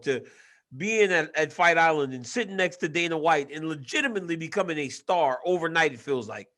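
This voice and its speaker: A man co-hosting a casual sports podcast over a video call, animated and teasing, laughing often. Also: on the high side. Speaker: co-host and fight analyst.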